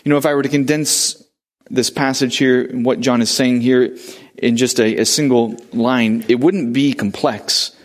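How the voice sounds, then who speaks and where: A man in a mid-pitched voice preaching a sermon in church. He tells a story with many pauses and restarts. He builds to earnest questions put to the congregation. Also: steady tone. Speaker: pastor.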